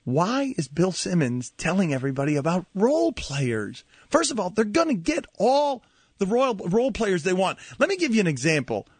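A man's voice: sits high, sing-song, normal speed, breathy edge, no echo. A man hosting sports talk radio, exasperated and needling, his voice cracking, close on a studio mic.

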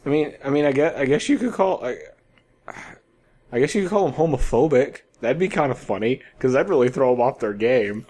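A man's voice: mid-range voice, a little fast. A man co-hosting a podcast in easy, casual banter. His voice swoops up and down as he spins wild hypothetical scenes. He keeps laughing through his own stories. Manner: laughs often, builds absurd scenarios with lively storytelling. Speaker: podcast co-host. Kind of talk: casual comedic chat.

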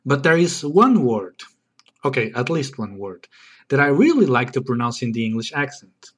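A man's voice: mid-range voice, very animated, moderate pace, slightly rough. A man with a Portuguese accent, a native Portuguese speaker, hosting a comic podcast monologue in a playful, mock-exasperated, self-deprecating way. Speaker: podcast host.

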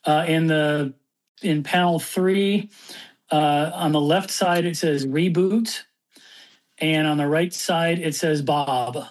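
A podcast co-host describing small details in comic panels, with halting restarts. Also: mid-range voice, fairly even intonation. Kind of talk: casual chat.

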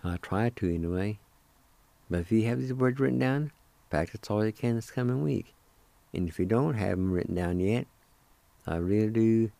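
An older man teaching a language on radio, patiently spelling out words and repeating each syllable slowly. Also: on the low side, gravelly, mellow, no echo. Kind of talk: slow spelling and pronunciation lesson.

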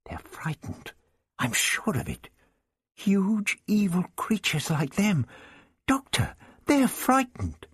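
A man voicing an anxious young woman, raising his voice high and speaking urgently. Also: huge pitch swings, moderate pace, few pauses, pushed and bright, husky, no room sound, exaggerated voice.

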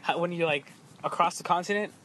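A man's voice: a little high, a little fast, bright, forceful tone, a little hiss or hum. A man co-hosting a casual podcast, telling rambling, crude stories and swearing often. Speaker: podcast co-host. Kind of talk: casual chat.

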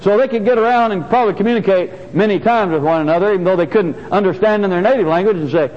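A man's voice: high-pitched, fast, hardly any pauses, big-room sound, highs cut off. An older man preaching a sermon, earnestly repeating key phrases for emphasis. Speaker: pastor. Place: church sanctuary.

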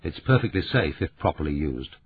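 A man's voice: rumbling low, sing-song, fairly quick, breathy edge, exaggerated voice. A man voicing a practical, considerate man who explains things patiently. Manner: reasoned and patient. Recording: narrow phone-like audiobook sound.

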